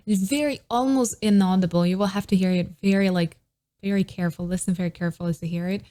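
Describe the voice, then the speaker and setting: A woman's voice: medium pitch, steady tone, quick pace, warm tone, faint music behind. A woman vocal coach giving reaction commentary on a singer, admiring and analytical, with technical vocal terms.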